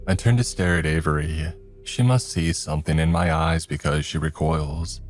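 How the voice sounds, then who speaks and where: A man telling a scripted first-person horror story, grave and steady, with stern lines of dialogue. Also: a bass voice, normal speed, soft background music.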